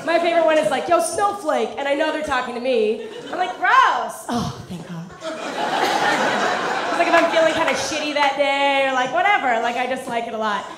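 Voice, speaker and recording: A young woman performs stand-up in a club, her high voice chatty and quick to break into giggles. The room rings with echo and a crowd murmurs and laughs around her. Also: animated. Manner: chatty, peppered with "like", laughs at own jokes. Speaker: stand-up comedian. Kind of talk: stand-up set. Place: comedy club with live audience. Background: audience laughter.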